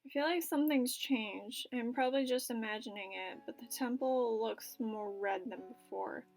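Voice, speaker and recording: A woman's voice: a little high, normal speed, creaky, a little mellow, soft background music. A woman playing a story game, reading its narration aloud and reacting casually, with filler words and swearing. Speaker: let's play gamer.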